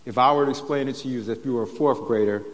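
A man's voice: mid-range voice, racing. Male pastor, chatty sermon delivery, tags lines with "right?", long church reverb. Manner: conversational preaching with frequent "right?" tags. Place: church sanctuary.

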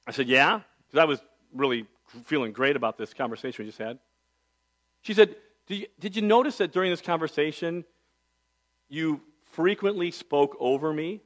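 A middle-aged male pastor preaching a sermon, telling a personal story in a conversational way, with big swings from soft to loud. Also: a little high, expressive, normal speed.

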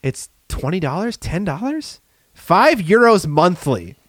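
A man co-hosts a hobby podcast in a relaxed, joking way, wandering off topic and filling gaps with ums. His pitch moves around a lot as he talks. The sound is dry and close, with no room around it. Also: unhurried, no room sound. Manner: rambling, joking, trails off into fillers. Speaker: podcast co-host. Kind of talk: casual chat.

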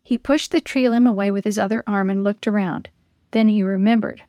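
A woman narrating a children's story in a gentle, clear reading voice. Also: mid-range voice, fairly even intonation, fairly quick, no echo, clean studio sound.

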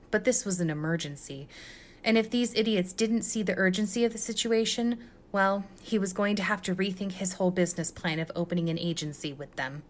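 A woman reading fan fiction aloud as a guest reader, telling it in a lively, expressive way. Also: fairly low pitch.

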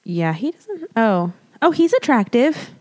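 A woman's voice: a little high, sing-song, measured pace, darkish tone. A woman in her thirties co-hosting a podcast, talking casually and enthusiastically with lots of "like". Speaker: podcast co-host. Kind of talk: casual chat. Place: traveling in an RV.

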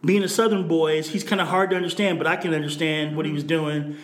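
A man with a notably high voice talks through boxing fights in an animated, opinionated way. He swears freely and speaks bluntly. The room adds a clear echo. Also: fast. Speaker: boxing podcast co-host. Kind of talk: casual chat.

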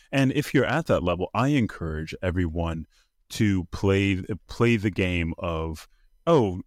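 Low-voiced guy chatting casually, animated, does little voices for quotes, dry close sound. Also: dry recording. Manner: animated, acts out quoted voices in a higher pitch; conversational with frequent fillers and restarts. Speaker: podcast co-host. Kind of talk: casual discussion.

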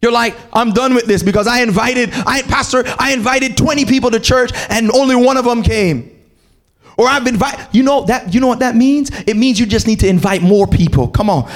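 High-voiced impassioned male preacher. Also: a little fast. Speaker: pastor. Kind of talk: sermon. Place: church hall with a congregation.

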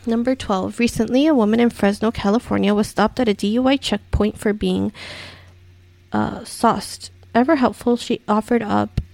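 Woman, gravelly voice, mellow tone, dry close sound, incredulous countdown host. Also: mid-range voice, fairly even intonation, moderate pace, no echo. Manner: incredulous, swearing asides. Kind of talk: reading a list with commentary.

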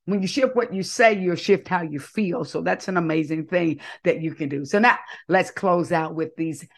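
A woman's voice: on the low side, moderate pace, gravelly. A woman hosting an inspirational faith talk, coaxing listeners to repeat affirmations after her in call-and-response. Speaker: podcast host.

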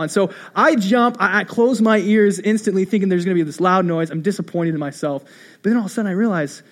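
A man's voice: sits high, fast talker. A young adult man preaching a sermon to his congregation. He talks conversationally, repeats key phrases and tells stories with self-deprecating humor. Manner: animated storytelling, repeating phrases. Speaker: pastor.

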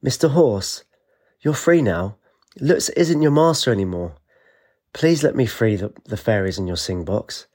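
A man voicing a brave young woman heroine, earnest and gentle. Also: medium pitch, lively intonation, a little slow. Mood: soothing. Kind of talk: audiobook character voice.

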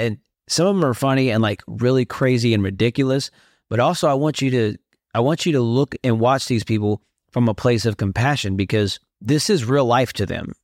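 A man's voice: medium pitch, darkish tone, no echo, studio quality. A man hosting a faith podcast, speaking in a blunt, preachy way while reacting to clips. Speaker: podcast host.

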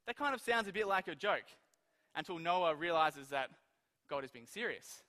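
A man preaching a sermon, telling stories in an animated way and acting out the quoted lines. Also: high voice, normal speed, big-room sound.

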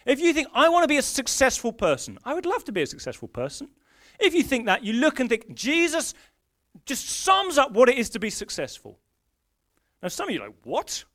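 A man preaching with a very high voice that swings up and down freely. He talks in an easy, conversational way, often restarting a phrase before pressing on. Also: huge pitch swings, fairly quick, fairly bright tone. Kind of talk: sermon.

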